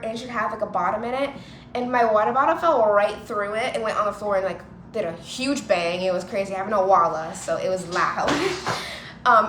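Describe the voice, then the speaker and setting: A young woman vlogger chats to the camera, telling personal stories casually, saying "like" constantly and acting out what people said in their voices. Her mid-range voice is a bit bright, recorded in an echoey room with clear ambient noise.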